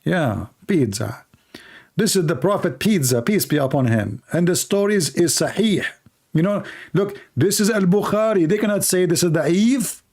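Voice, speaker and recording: A man's voice: sits high, expressive, normal speed, darkish tone, slightly rough. A man hosting his own online show in a sarcastic, mocking monologue, speaking English with non-native grammar.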